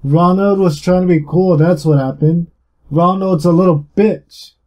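A young man giving casual, rambling gameplay commentary, swearing freely and talking louder and more energetic than usual. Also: sits high, measured pace. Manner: rambling and heavily profane. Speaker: gaming YouTuber.

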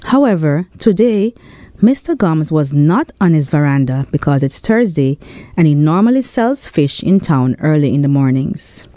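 A woman with a St. reading a children's story aloud in an expressive storytelling voice. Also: low-pitched, normal speed, dry recording. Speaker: storyteller and author. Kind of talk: storybook narration.

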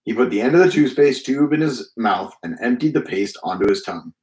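Male reader, children's storybook narration, steady, roomy sound. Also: mid-range voice, brisk. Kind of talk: children's book read-aloud.

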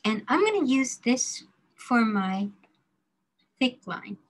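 A design drawing instructor leads a demonstration for her class, speaking slowly and deliberately while she works. Her slightly high voice is very animated, sometimes dropping to a murmur to herself as she draws, and the recording is low quality.

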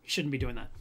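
A man hosting a reef aquarium channel, chatting casually with viewers and telling stories in an animated way, with frequent restarts and chuckles. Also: a little high, breathy edge. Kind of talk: casual live chat answering viewer comments.

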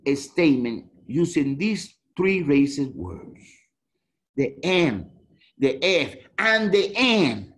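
A man, his tongue, gives personal testimony over a video call. His voice swings widely in pitch, booming on some phrases and falling almost to a murmur on others. The delivery is raw and emotional. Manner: emotional storytelling with big swings between loud and hushed. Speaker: guest speaker, death row exoneree.

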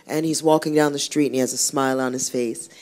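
A woman's voice: rumbling low, fairly even intonation, fast talker, a little mellow. A woman singer, a guest on an interview show, talking casually and telling a rambling story with many restarts. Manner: chatty, rambling storyteller who restarts often.

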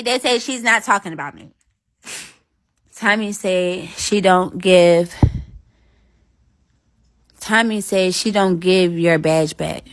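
A woman hosting a live stream, talking straight to her viewers, thanking commenters and venting bluntly with swearing. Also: mid-range voice. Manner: animated, addresses viewers directly and thanks commenters. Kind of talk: casual live stream chat.

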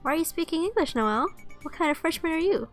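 A woman's voice: very high voice, animated, fast, faint music behind, pitched above the performer's own voice. A woman voicing a goofy, smug teenage prankster girl who teases in a sing-song, mock-sincere way. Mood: teasing.

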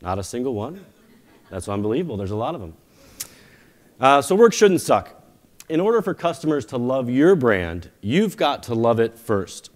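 A man's voice: mid-range voice, sing-song, moderate pace, a little mellow. A man giving a conference keynote, telling stories in a conversational way with self-deprecating jokes. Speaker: company founder giving a keynote. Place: conference stage before a live audience.

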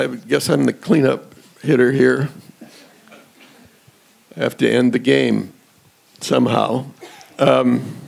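A man speaking as the last panel speaker, musing and hesitant, with many pauses and fillers. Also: mid-range voice, vocal fry. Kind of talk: reflective remarks to an audience.

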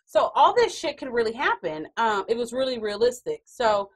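A woman hosting a casual chat podcast, telling a story in an animated way with frequent laughs. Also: fairly high pitch, moderate pace, breathy edge, rough recording. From Texas. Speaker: podcast host.

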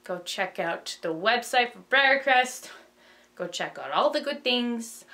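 A young woman rushing through a casual plot summary, rambling with lots of fillers and self-corrections, bubbly and flustered. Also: fairly high pitch, lively intonation, pushed and bright. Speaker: video host.

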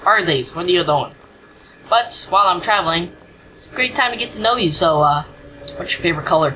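Brisk and forceful, with a bright, medium-pitched voice and lively intonation, this commentator goofs around during a casual let's play, joking at the game and humming nonsense. The audio is poor, with slight background noise.

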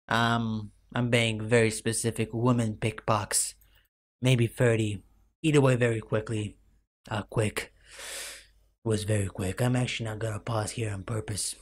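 A young man giving rambling, self-mocking commentary over a game late at night, full of fillers, his voice cracking now and then. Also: lowish voice. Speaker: gaming YouTuber.

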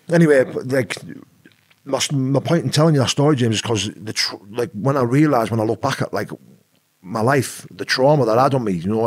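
Fast-talking husky British man. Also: medium pitch, dry recording, clean studio sound. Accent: British English. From Britain. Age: adult with an eleven-year-old son. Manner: rambling, peppered with "you know what I mean". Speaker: podcast guest. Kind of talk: casual storytelling.

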